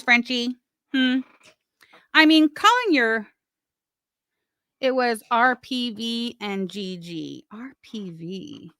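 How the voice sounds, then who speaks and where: Woman, livestream host, bright voice, dry close sound, sarcastic and chatty. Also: on the high side, no room sound. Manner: chatty, sarcastic, talks to chat while doing other things. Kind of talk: casual livestream commentary.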